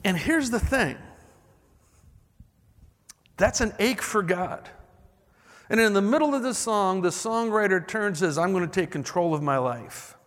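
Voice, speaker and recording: A man's voice: high voice, expressive, measured pace, pauses often, a bit bright, big-room sound. A man preaching a sermon in a church, reading song lyrics aloud and building emphasis as he goes. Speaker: pastor.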